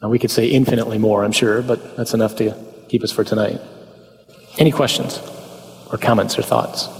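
A man's voice: on the low side, fairly even intonation, fairly quick, long reverb tail. A man giving a conversational talk on the Mass to a parish group, asking rhetorical questions, tagging lines with "huh?" and slipping in folksy humorous asides.

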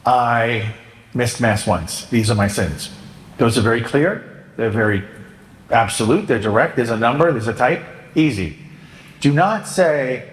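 Joking priest preaching in an echoey church. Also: male voice, medium pitch, unhurried. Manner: conversational, joking, acts out penitents and himself. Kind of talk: sermon. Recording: echoey church with long reverb.

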